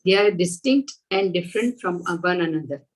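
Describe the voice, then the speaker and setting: Husky woman reading aloud in class. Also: fairly low pitch, normal speed, low-quality recording. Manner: steady, careful reading with small slips. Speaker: student.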